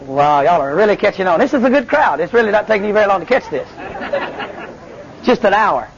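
Male preacher, high pitch, lively revival delivery, dull lo-fi recording. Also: fairly quick, a crowd in the background. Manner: animated, calls to the congregation, Southern. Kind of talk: revival sermon with testimony.

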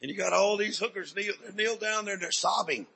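A preacher telling a story in a high, bright voice with heavy gravel and a husky edge. He swings from near whispers to loud bursts as he preaches. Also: quick pace. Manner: dramatic storyteller, sudden swings from hushed to loud. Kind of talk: sermon testimony storytelling.

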